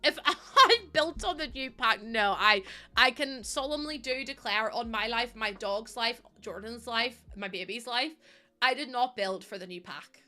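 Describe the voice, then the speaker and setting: A woman streamer chatting casually with her live chat, excitable and talkative, laughing often. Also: fairly high pitch, a little slow.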